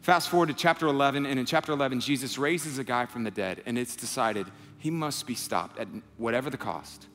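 A man's voice: mid-range voice, brisk, few pauses, slight background noise. Man preaching in an echoing hall. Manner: conversational, acts out quotes, builds to impassioned near-shouting. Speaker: pastor. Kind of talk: sermon. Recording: long hall reverb, soft music behind.

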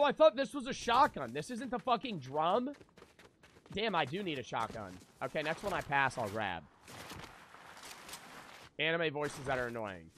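Chatty, animated male game streamer. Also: on the high side, a little hiss or hum. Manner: profane, rambling, talks to chat. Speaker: live streamer. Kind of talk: casual gameplay chatter with viewers.

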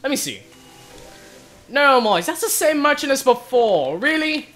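A young man giving excited commentary on his own gameplay, often exclaiming and shouting as things happen. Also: very high-pitched, unhurried, soft background music. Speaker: gaming video host.

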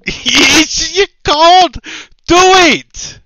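A man's voice: very high-pitched, very animated, a little slow, pushed and bright, no echo, low-quality recording. A man hosting a podcast, ranting in exasperated, repeated questions. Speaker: podcast host. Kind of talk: casual opinion chat.

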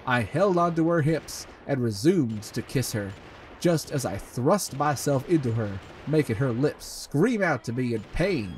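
A man with an English accent hosts a comedic reading of fan fiction, often laughing and stumbling through halting asides. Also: medium pitch, lively intonation, a little mellow, a little hiss or hum. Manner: breaks into laughter, halting asides full of fillers. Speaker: host reading a fanfic aloud. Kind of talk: comedic dramatic reading with commentary.

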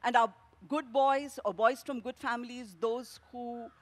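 A woman novelist with an Indian English accent, speaking thoughtfully on a festival panel with many pauses and fillers. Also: a little high, fairly even intonation. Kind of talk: panel discussion and reading from her novel.

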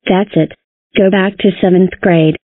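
A woman's voice: lowish voice, steady tone, a little slow, no echo. A female computer voice playing a strict schoolteacher in a cartoon, with a tinny phone-like sound. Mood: scolding. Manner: stern, scolding. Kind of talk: text-to-speech cartoon voice.

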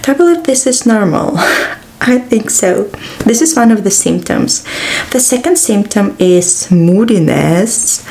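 A woman's voice: medium pitch, lively intonation, unhurried, darkish tone, a little hiss or hum. A tired woman in her thirties chatting casually to camera, rambling with sighs and exclamations. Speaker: vlogger.

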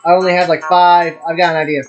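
A man's voice: fairly high pitch, little pitch movement, fast, highs cut off, soft background music, natural voice. A man reading the lines of a blunt, short-tempered teenage girl in a game, impatient and direct. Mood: eager.

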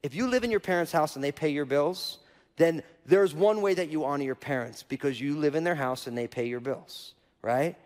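A man's voice: a little high, normal speed, darkish tone. A male pastor preaching a sermon in a casual, conversational way, often checking in with the audience by asking "right?". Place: church auditorium. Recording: long reverb of a church hall.

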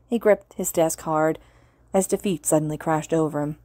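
A woman reads a fan fiction audiobook in an earnest, steady voice. Her pitch sits low, and the room sounds dry and close. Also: brisk, dry recording. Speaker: podfic reader.

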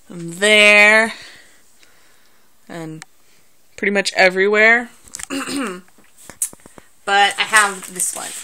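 A young woman with a Southern US accent, chatting and joking through an accent-challenge vlog into a phone. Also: medium pitch. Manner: chatty, joking, animated outbursts. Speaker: vlogger.

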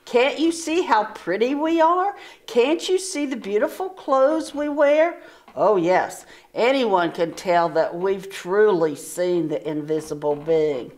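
A woman reading a storybook aloud and voicing two proud, vain older sisters who talk in high, showy voices. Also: takes it slowly, hardly any pauses, a little mellow. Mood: boastful. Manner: haughty, boastful, high-pitched, then flustered stammering.

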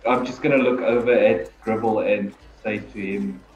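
A man's voice: fairly low pitch, fairly even intonation, moderate pace. A man playing a tabletop game who hesitantly describes what his character does. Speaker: player. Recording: muffled, roomy.

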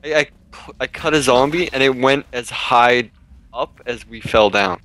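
A man's voice: mid-range voice, measured pace, a bit bright, low-quality recording. A young man giving casual commentary while playing a video game with a friend, chatty and joking, laughing at the chaos on screen. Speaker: gamer co-host.

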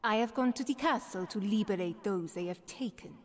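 A woman's voice: mid-range voice, fairly quick, long reverb tail, close to an everyday voice. An actress playing a stern female resistance leader in a video game, speaking with a heavy Italian accent. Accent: heavy put-on Italian.

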